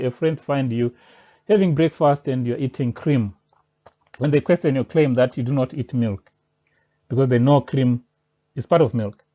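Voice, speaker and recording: A man's voice: mid-range voice, warm tone. A man making an insistent, step-by-step spoken rebuttal of a pastor's teaching. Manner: argumentative and insistent, presses points step by step. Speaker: religious commentator. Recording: dull lo-fi recording.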